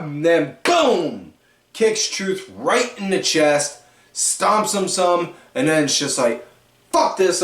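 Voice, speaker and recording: A man hosting a wrestling recap podcast, telling matches as animated play-by-play and correcting himself as he goes. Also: fairly high pitch. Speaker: podcast host. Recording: echoey room, distant mic.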